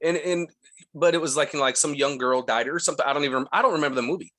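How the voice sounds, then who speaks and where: A man telling stories in a group chat, his voice bright and forward. He is animated, lively, and acts out the people he quotes. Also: a little high, rapid-fire. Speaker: guest. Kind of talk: casual storytelling.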